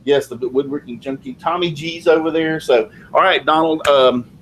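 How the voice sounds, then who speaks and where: A man's voice: a little high, normal speed, fairly bright tone, a little hiss or hum, rough recording. A man raised in the South, hosting a casual live video chat, rambling with lots of fillers. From American South. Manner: rambling, chatty, many fillers. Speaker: live show host.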